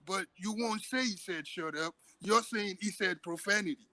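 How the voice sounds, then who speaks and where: A man in his thirties telling a story in a casual, profane, animated chat. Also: high-pitched, moderate pace, creaky, no echo. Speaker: podcast co-host.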